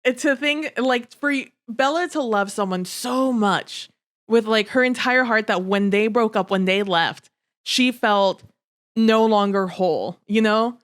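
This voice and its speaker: A woman co-hosting a casual book-club podcast, talking with animated energy, laughing often and swearing freely. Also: fairly high pitch, measured pace. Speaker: podcast co-host.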